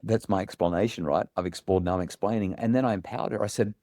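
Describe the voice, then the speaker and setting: A middle-aged Australian man, a parenting expert, telling a story in earnest, animated podcast conversation. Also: lowish voice, fast, hardly any pauses, no room sound, clean studio sound.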